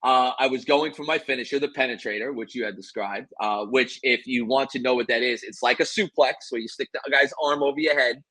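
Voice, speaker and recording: A man swapping wrestling stories with lively, boastful energy. He sounds dry and close to the mic, with a voice of middling pitch. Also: brisk, few pauses, no echo, poor audio. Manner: animated, boastful storyteller. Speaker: guest, former pro wrestler. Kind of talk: casual interview storytelling.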